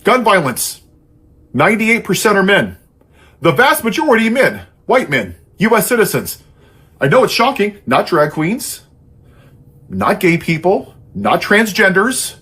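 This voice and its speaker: Husky guy ranting, lots of sarcasm, voice swoops high and low. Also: fairly bright tone. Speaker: political commentator. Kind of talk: impassioned monologue.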